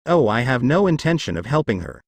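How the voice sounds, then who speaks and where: A man reads a fan-written story aloud, carrying narration and every character's lines in his own voice. His pitch moves a lot as he goes, and the sound is dry and close with no room around it. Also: sing-song, a little fast, no room sound. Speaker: fanfiction reader.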